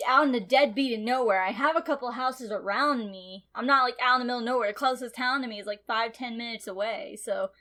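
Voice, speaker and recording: High bright giggly young woman. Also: quick pace, hardly any pauses. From Ohio, USA. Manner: giggly, blunt, swears freely. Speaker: reaction channel co-host. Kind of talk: casual chat.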